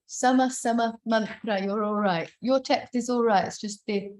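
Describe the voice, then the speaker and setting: A woman's voice: on the high side, fairly even intonation, moderate pace, darkish tone, roomy sound. A woman teaching Sanskrit chanting over a video call, explaining each phrase and then chanting or singing it. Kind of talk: online chant rehearsal teaching.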